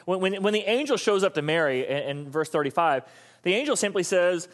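A man pastor giving a casual, animated sermon, talking to his audience and asking them questions. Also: high-pitched, fairly quick.

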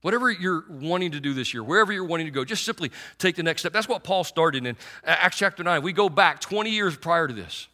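A man's voice: fairly high pitch, lively intonation, fast talker, hardly any pauses, bright, forceful tone. A middle-aged man preaching a sermon in a conversational, sarcastic way, with many restarts and fillers.

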